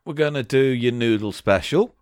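A man's voice: medium pitch, normal speed, no room sound, clean studio sound. A man co-hosting a casual comedy podcast, swearing and bantering while spinning playful tall tales. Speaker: podcast co-host.

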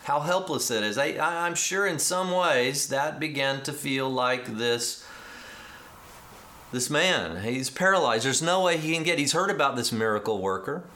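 A man preaching a sermon, telling a story with animated, acted-out dialogue and excited emphasis. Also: medium pitch, a little slow. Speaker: pastor.

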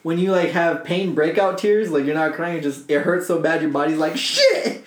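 A young man telling a story to friends in casual chat, animated and swearing. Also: on the high side, fairly quick. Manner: animated, swearing, laughs through his story. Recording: echoey room.

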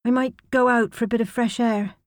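Restless, guilt-ridden young woman, a touch higher, tense, read by a woman. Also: fairly even intonation, a little fast, no room sound, studio quality, close to an everyday voice. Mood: anxious. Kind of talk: audiobook character reading.

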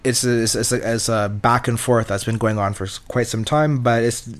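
A man's voice: medium pitch, steady tone, normal speed. A man co-hosting a podcast in casual chat, rambling, swearing and acting out quotes. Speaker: podcast co-host.

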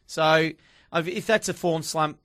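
Argumentative pundit, dry studio. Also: male voice, a little high, a little slow, a bit bright, no room sound. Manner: argumentative, teasing. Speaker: radio football pundit. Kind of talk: sports radio talk.

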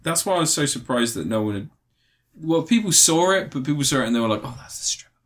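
A man's voice: a little high, expressive, fast talker, a bit bright. A man reviewing a film in casual, crude podcast chat, rambling and laughing at his own jokes.

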